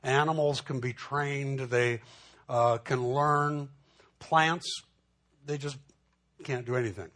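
A man's voice: mid-range voice, steady tone, takes it slowly, long pauses, a bit bright. Man preaching a conversational sermon. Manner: conversational teaching with frequent asides and restarts. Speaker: pastor.

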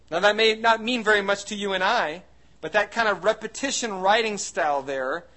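A man's voice: high-pitched, fairly bright tone. A man preaching a sermon to his congregation in a folksy, conversational way, with many fillers and asides. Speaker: pastor. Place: church hall before a congregation.

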